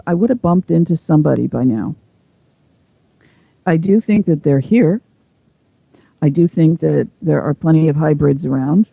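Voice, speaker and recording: In a casual interview, a female guest explains things at length and with care, her voice low, gravelly and edged with fry. The audio is dull and lo-fi, recorded close and dry with no echo or room sound.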